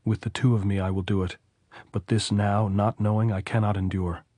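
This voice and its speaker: In an audiobook, a man voices the anxious inner prayers of a frightened young woman, pleading and repetitive. His voice is lowish, brisk, mellow, and flat in delivery, close to an everyday voice, with clean studio sound and no room echo.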